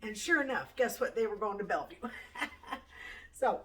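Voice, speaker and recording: A woman's voice: medium pitch, expressive, normal speed, pushed and bright, a little hiss or hum. Chatty blunt woman, a bit off-mic. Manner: blunt, chatty, profane, laughs between points. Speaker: rideshare driver telling a story. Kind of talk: casual storytelling to camera. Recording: voice a little far from the mic.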